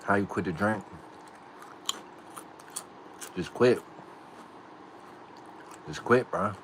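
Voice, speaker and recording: Man, casual livestream chat, slow delivery, slightly low pitch, street slang. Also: background noise. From United States. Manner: slow, laid-back street slang, practicing words aloud. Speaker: livestream host.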